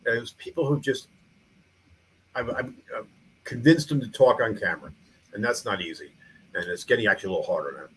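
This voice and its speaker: A man's voice: fairly low pitch, a little fast, long pauses, a bit bright, low-quality recording. Middle aged guy telling stories on a podcast, lots of restarts, bit of noise behind. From New York. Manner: rambling, frequent restarts and fillers. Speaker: museum founder and mayor. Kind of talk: casual podcast interview.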